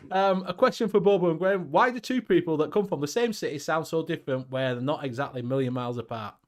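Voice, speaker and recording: A man's voice: fairly high pitch, quick pace, a little mellow. A man hosting a live stream, reading viewer questions aloud with lots of ums and laughter. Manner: reads chat aloud, lots of fillers and laughs. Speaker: stream host. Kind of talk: casual live-stream chat.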